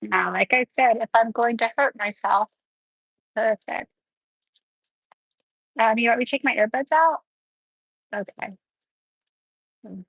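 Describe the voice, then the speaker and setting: Woman nail educator, chatty step-by-step delivery, husky tone, dry close sound. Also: fairly high pitch, measured pace, pauses often, no echo, rough recording. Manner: chatty, explains each step while working. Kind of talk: live nail tutorial.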